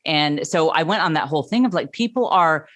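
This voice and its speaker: Animated woman comedian guest. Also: sits low, brisk, no echo. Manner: animated storyteller, emphatic. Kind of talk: casual interview chat.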